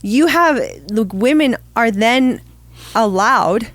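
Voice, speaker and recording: A woman's voice: a little high, lively intonation, takes it slowly, no echo. A woman co-hosting a podcast who talks earnestly and affirmingly, with restarts and fillers as she works out her thoughts. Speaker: podcast co-host. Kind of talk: casual podcast chat.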